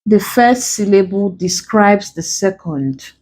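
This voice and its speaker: This English tutor, a woman with a Nigerian accent, has an expressive mid-range voice that is a little mellow and slightly rough. Her exam-prep lesson moves slowly and deliberately, explaining rules in steps and spelling out letters.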